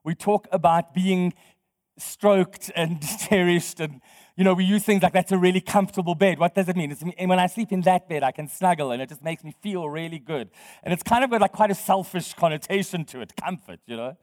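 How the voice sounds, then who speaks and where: High-voiced man preaching in a reverberant hall. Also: a little fast, darkish tone. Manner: conversational, quizzes the congregation, laughs often. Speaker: pastor. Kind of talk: sermon.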